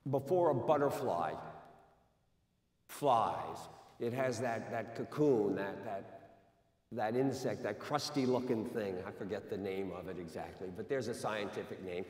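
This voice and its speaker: A man's voice: lowish voice, measured pace, a little mellow. A man preaching a sermon in a conversational way, with frequent restarts and light asides. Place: church sanctuary. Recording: echoey hall, mic from far off.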